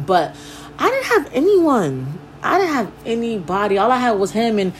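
A woman's voice: medium pitch, a little hiss or hum, rough recording. A young woman telling her own story in a casual, blunt way, swearing freely and rambling with fillers. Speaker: podcast host. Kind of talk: candid personal storytelling.

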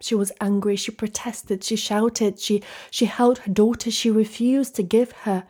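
Slow, hushed woman storyteller. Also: mid-range voice, steady tone. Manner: slow, hushed and dramatic, often dropping to a whisper. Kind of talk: oral folktale storytelling.

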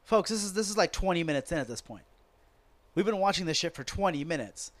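A man's voice: high voice, quick pace, dry recording. Profane ranting man on a podcast. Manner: animated, profane, sarcastic ranting. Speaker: podcast host. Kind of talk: casual ranting wrestling commentary.

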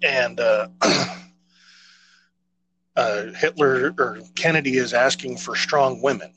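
A man's voice: medium pitch, slow pace, fairly bright tone, slight background noise, low-quality recording. A man co-hosting a casual podcast chat, rambling and hesitant with many fillers and restarts. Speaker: podcast co-host.

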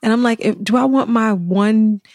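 A middle-aged American woman hosting a podcast in casual, animated chat, laughing often and acting out quotes. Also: a little high, normal speed, no echo, studio quality. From United States. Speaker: podcast host.

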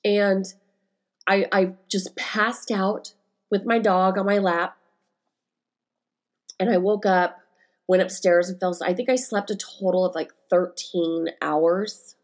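A woman's voice: medium pitch, steady tone, slow pace, long pauses. A woman in her forties hosting her own podcast, telling personal stories in a rambling, candid way with lots of fillers, close to tears as she talks. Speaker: podcast host and life coach. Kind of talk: casual solo podcast monologue.

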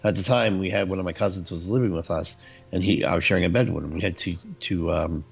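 A man's voice: deep voice, fast, vocal fry, slightly rough, soft background music. A man in his forties, co-hosting a casual chat about movies and telling stories with laughter. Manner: storytelling, laughs often, acts out quotes.

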